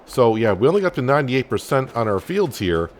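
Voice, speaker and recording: A man's voice: mid-range voice, very animated, a little fast, a little hiss or hum. A man casually commenting as he plays a farming game, thinking aloud with many fillers. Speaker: gaming channel host. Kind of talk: casual let's-play commentary.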